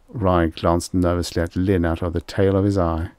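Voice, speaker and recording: A man narrating an audiobook in a steady, measured reading. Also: low-pitched, no echo. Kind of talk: scripted narration.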